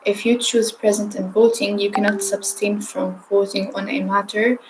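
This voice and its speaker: A woman's voice: medium pitch, level tone, normal speed, noisy background. A woman chairing a mock conference on a video call, patiently explaining procedure and checking that others understand.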